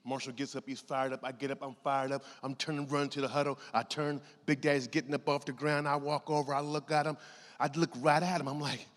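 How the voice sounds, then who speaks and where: A middle-aged man giving a motivational keynote, telling a story in an animated way and acting out voices as he goes. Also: mid-range voice, a little fast. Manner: animated, acts out voices, laughs often. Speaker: keynote speaker. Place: large conference hall. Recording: long hall reverb.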